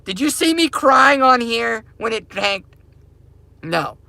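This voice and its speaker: Guy ranting in his car, high gravelly voice, super repetitive and pushy. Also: very animated, takes it slowly, pushed and bright, no echo. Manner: repetitive, emphatic, preachy. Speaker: crypto mining channel host. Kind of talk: casual ranting monologue to viewers. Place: inside his parked car.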